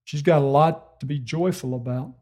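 A man's voice: fairly high pitch, a little mellow. Earnest, emphatic male preacher. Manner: emphatic, earnest, repeats key phrases slowly for weight. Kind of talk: expository sermon.

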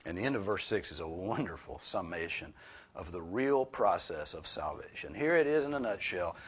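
A man preaching an expository sermon, stressing key words loudly and dropping some phrases to a hushed near-whisper. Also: sits low, lively intonation, moderate pace, slightly rough.

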